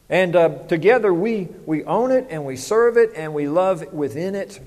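A man's voice: sits high, lively intonation, unhurried. A man, preaching a sermon as pastor, conversational and full of rhetorical questions. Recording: long hall reverb.

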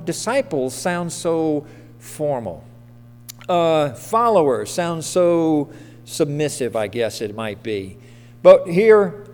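Male pastor, casual sermon, asks the congregation questions, slightly high voice, long church-hall reverb. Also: darkish tone. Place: church sanctuary.

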